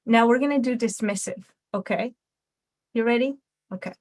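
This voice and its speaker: A woman's voice: fairly high pitch, moderate pace, a little mellow. A woman instructor explaining communication styles with a puppet demonstration, checking in with frequent tag questions.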